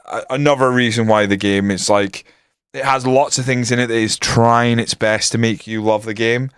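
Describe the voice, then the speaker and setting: A man commentating his football management game on a live stream, swearing and ranting, then breaking into excited match commentary. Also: mid-range voice, moderate pace, clean tone, no echo, studio quality.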